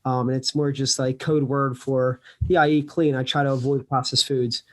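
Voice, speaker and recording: A man with a New Jersey accent, a company founder answering interview questions in an earnest, measured way. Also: medium pitch, level tone. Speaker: podcast guest, company founder. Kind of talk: casual interview.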